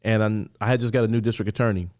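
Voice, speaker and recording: Animated male podcast guest telling stories. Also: lowish voice, racing. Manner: animated, acts out quoted voices, many "like" fillers. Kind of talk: conversational storytelling.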